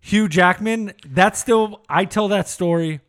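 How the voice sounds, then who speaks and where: A man's voice: sits high, unhurried, a bit bright. A man co-hosting a podcast, trading jokes and playful interjections in casual chat. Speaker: podcast co-host.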